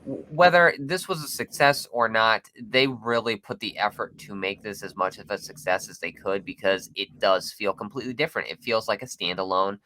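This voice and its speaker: A man's voice: on the low side, normal speed, hardly any pauses, bright, forceful tone, dry recording. A man co-hosting a casual podcast chat, talking with enthusiasm and frequent restarts. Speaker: podcast co-host. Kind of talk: casual film discussion.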